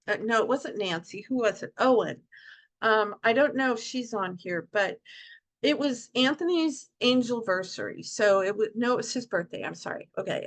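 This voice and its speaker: A middle-aged woman speaks with heartfelt passion, slipping into lively quoted asides as she tells her stories. Her voice sits a little high, and the sound is that of a video call. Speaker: guest speaker at support group. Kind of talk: emotional personal talk to an online group.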